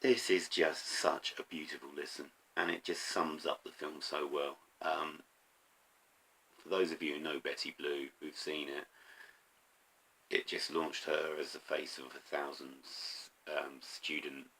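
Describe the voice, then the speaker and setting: A middle-aged man talking casually to camera about his favourite records, eager but halting, with many pauses and ums. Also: rumbling low, level tone, bright, forceful tone, husky. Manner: enthusiastic, halting with frequent ums. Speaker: vinyl record collector vlogger.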